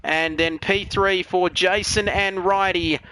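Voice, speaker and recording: A man's voice: sits high, fairly even intonation, takes it slowly, pushed and bright, clean tone, poor audio. An Australian man calling a sim racing league, full of jokey, matey banter and with a voice worn out by the night. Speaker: lead commentator.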